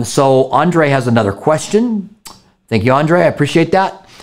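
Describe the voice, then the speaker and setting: Earnest pastor answering questions. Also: male voice, medium pitch, a little mellow. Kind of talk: live question-and-answer teaching.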